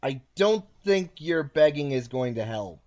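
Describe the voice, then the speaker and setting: A man's voice: on the high side, expressive, a little slow, darkish tone, dull audio. A man hosting a casual card game session, playfully narrating each of his moves. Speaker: host and card game player. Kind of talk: casual chat while playing a card game.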